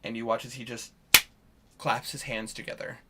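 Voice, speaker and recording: A man's voice: medium pitch, level tone, normal speed, heavy background noise. A man narrating as game master in a tabletop game, rambling with lots of fillers.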